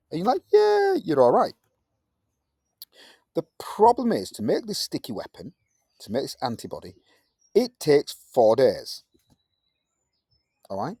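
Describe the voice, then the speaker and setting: A man teaching a science lesson in a playful way, jumping into high, silly voices to act things out. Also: darkish tone, slightly rough, no echo, clean studio sound. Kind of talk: classroom lesson.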